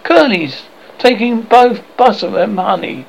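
A man's voice: high-pitched, a little slow, gravelly, slight background noise, pitched above the performer's own voice, low-quality recording. A man reading aloud and voicing a bossy, motherly young girl who scolds and fusses over the other children. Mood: fussing. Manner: fussy, scolding.

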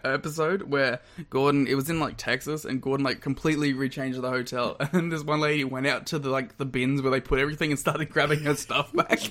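A man's voice: mid-range voice, steady tone, fairly quick, few pauses, a bit bright. A young man co-hosting a podcast in casual chat, rambling with restarts and laughing often. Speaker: podcast co-host.

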